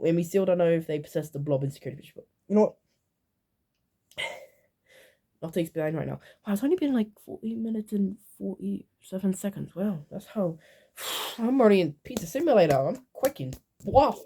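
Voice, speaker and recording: Mellow-voiced woman rambling casually. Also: medium pitch, lively intonation, moderate pace. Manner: rambling, full of fillers and offhand asides. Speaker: YouTuber.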